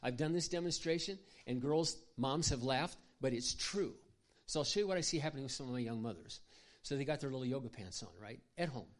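A man with a mid-range voice speaks to a room of mothers in a folksy, joking manner. He acts out everyday scenes as he goes and keeps clearing his throat between thoughts. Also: mid-range voice, lively intonation, a little fast. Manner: folksy, humorous storytelling with acted-out demonstrations. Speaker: Christian parenting speaker. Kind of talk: live talk to an audience of mothers.

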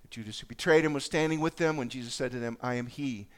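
A man's voice: medium pitch, fast talker. A man preaching a sermon, reading scripture aloud and reflecting on it in a conversational way. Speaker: pastor.

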